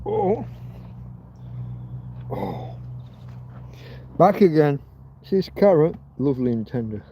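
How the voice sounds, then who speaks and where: A man's voice: on the high side, big pitch swings, slow pace, dark tone, slight background noise. A man from Britain hosting a rambling livestream chat, crude and joking, swearing freely. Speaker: livestream host. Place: outdoors in a field in Spain.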